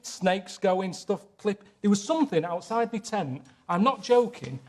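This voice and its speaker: A man complaining in a flat, deadpan way during casual comic chat on a show. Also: high voice, a little slow. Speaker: reluctant traveller on a comedy show.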